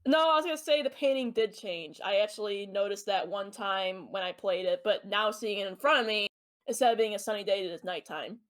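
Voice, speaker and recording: A woman's voice: mid-range voice, brisk, a bit bright. A woman guest on a podcast, adding matter-of-fact details in casual chat.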